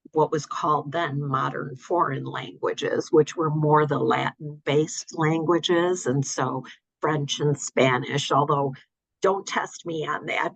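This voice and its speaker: An older woman talking in a relaxed interview, hesitant with many fillers and restarts, over a dull audio line. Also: sits low, vocal fry, husky, dry recording. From United States. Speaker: guest. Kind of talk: casual interview.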